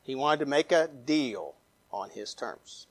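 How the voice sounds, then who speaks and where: A man pastor preaching a sermon, reading scripture aloud, with emphatic rises and quiet trailing drops. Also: mid-range voice, animated, slow, dry recording. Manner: reads scripture aloud, with fillers and restarts.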